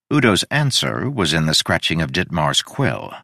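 A man reading a fantasy novel aloud as narrator, telling it in an expressive, dramatic way. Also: low-pitched, moderate pace, creaky, few pauses, no echo, clean studio sound. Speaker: audiobook narrator. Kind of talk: scripted narration.

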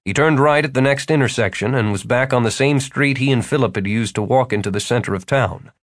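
A man reading fantasy fiction aloud as an audiobook narrator, telling it in a steady, lively way. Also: mid-range voice, brisk, no room sound, studio quality.

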